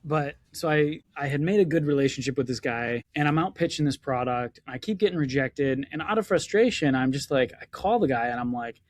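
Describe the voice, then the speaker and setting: A man's voice: medium pitch, fast talker. A man co-hosting a casual podcast chat as an inventor coach, telling stories animatedly and acting out the lines he quotes. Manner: animated storyteller, acts out quoted dialogue.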